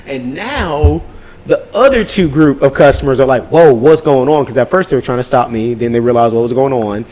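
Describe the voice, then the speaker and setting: A man co-hosting a podcast, telling a story in a casual, animated way, full of swearing and acted-out quotes. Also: mid-range voice, a little fast, poor audio. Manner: animated, profane, acts out quotes. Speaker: podcast co-host.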